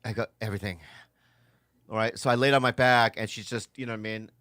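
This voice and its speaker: A man's voice: mid-range voice, little pitch movement, a bit bright, clean tone, no echo, studio quality. A man in his forties co-hosting a comedy podcast, rambling through joking stories. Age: 40s. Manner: rambling, joking, drawn-out storytelling. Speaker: podcast co-host. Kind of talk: comedic casual chat.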